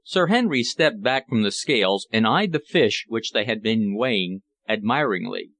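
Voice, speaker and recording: A man's voice: fairly low pitch, lively intonation, normal speed, a bit bright, no room sound. Man reading a period novel aloud. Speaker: audiobook narrator. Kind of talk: scripted audiobook narration.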